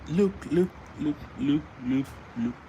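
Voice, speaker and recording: At home with his baby son, a man vlogs, moving between slow, casual talk and high cooing baby talk and singing. His tone is creaky and warm, with slight background noise.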